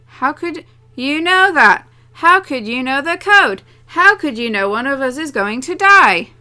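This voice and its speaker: A woman voicing an angry young woman in a game who fires off loud, insistent questions. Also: on the high side, lively intonation, moderate pace. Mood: furious.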